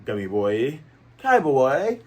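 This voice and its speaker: A man's voice: medium pitch, huge pitch swings, takes it slowly, darkish tone, exaggerated voice. A man voicing a sneering clown pirate. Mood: mocking. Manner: mocking, sneering. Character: boastful clown pirate captain, taunting.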